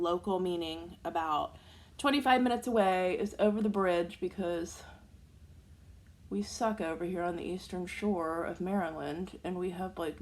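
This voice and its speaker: A woman in her forties chatting to the camera, telling a long personal story in an animated, casual way. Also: fairly low pitch. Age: 40s. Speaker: vlogger.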